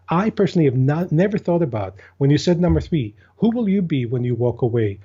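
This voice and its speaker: Husky earnest man on a dull line. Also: fairly high pitch, mellow. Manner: earnest and emphatic. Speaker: guest, business leader. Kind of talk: casual chat. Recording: dull lo-fi recording.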